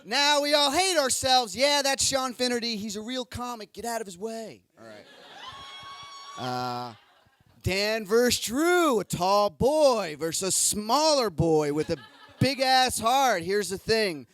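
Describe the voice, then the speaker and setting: A man rattling through roast battle results on a comedy club stage, joking crudely about each fighter and breaking into sudden shouts. His voice sits fairly high. The delivery is loose, rowdy and self-mocking. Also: slow. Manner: crude, excitable, jokey, swings into shouts. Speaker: comedy show bishop recapping fights. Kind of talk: rowdy comic recap.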